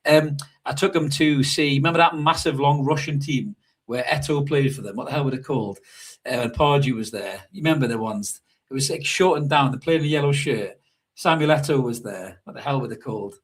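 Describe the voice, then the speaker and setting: Husky-voiced sweary man chatting football. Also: mid-range voice, fairly quick. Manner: sweary, animated storytelling with mimicked shouts. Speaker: podcast co-host. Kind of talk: casual live fan chat. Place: hotel room. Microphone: remote call over hotel Wi-Fi.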